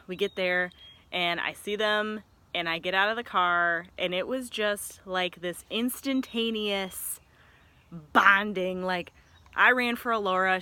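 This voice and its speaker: A woman in her thirties from Michigan tells a story in a casual vlog. She rambles in an excitable way and corrects herself often, with a bright, crisp tone at a middling pitch. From Michigan, USA. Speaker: vlogger.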